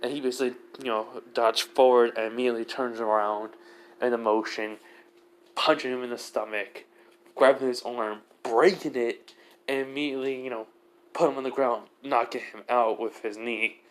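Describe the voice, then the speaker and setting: A man's voice: mid-range voice, steady tone, moderate pace. A young man improvising a fan story aloud, rambling with many fillers.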